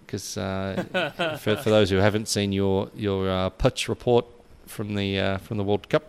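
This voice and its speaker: Gravelly low-voiced man chatting casually. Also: unhurried. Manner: rambling, chatty, with many fillers. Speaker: podcast co-host. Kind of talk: casual podcast chat.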